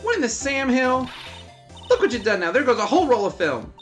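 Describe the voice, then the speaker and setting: A man voicing a brash, loud country woman photographer with a put-on Southern US drawl. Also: very high voice, sing-song, a little fast, soft background music, pitched above the performer's own voice. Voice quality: twangy drawl.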